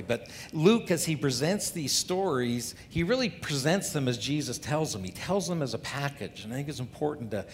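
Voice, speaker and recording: A pastor preaches a sermon, working through scripture conversationally and posing rhetorical questions to the congregation. The recording has long hall reverb and a faint rumble.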